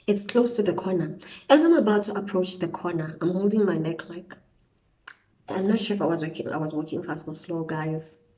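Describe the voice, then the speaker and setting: A young woman from South Africa chats her way through a storytime while applying eye makeup. Her voice is lowish and mellow, and her telling is lively and full of casual interjections. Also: brisk, rough recording. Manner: chatty, animated storytelling with slang interjections. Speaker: beauty vlogger. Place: indoors at home, windy outside.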